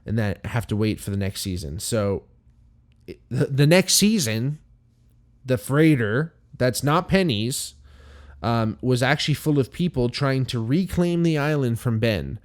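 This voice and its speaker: A man's voice: medium pitch, animated, measured pace. A man hosting a podcast, recapping a TV show in loose, profanity-laden casual chat full of fillers. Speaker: podcast host.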